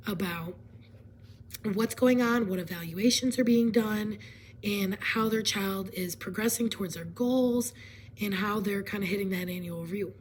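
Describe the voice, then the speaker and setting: A woman talks through a presentation while hoarse from laryngitis, her voice dropping into whispers and breaking off to clear her throat. She keeps a casual explaining tone at a middle pitch. A faint hiss of noise sits under the recording. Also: a little mellow, rough recording.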